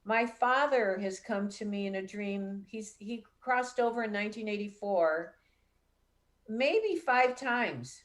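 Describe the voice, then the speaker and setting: A middle-aged woman hosting a live call-in show as a psychic medium, telling a personal story in a chatty, animated way. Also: mid-range voice, takes it slowly. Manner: chatty, animated when retelling dialogue.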